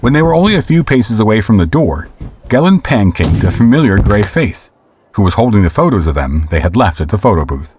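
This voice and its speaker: A man with a very low voice narrates a scripted audio drama. He reads in a steady, measured way. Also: slight background noise.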